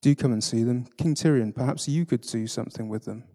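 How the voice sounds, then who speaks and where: A man reading aloud and voicing an earnest, kind young girl, pleading and raised in pitch. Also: brisk, dark tone, natural voice.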